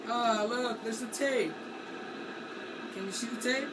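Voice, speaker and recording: This gaming video maker has a very high voice and speaks slowly, rambling playfully to himself while he plays. Captured on a handheld camera, he sounds distant, and heavy background noise fills the clip.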